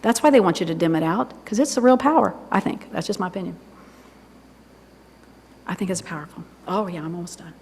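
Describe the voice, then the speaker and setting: A woman's voice: on the low side, brisk, vocal fry, pauses often, a little hiss or hum. Chatty woman minister in echoing church. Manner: chatty, animated, laughs and asides to herself. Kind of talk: informal sermon. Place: church sanctuary. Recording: long reverb of a church hall.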